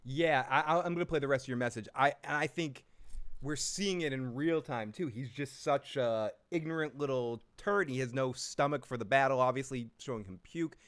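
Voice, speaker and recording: A man's voice: mid-range voice, moderate pace, a bit bright. A man hosting a live recap stream, rambling and swearing casually with frequent restarts. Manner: rambling, profane, restarts often. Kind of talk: casual live review chat.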